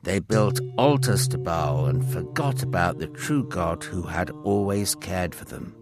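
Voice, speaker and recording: A man narrating a children's Bible story with expressive storytelling. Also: deep voice, a little slow, over loud music.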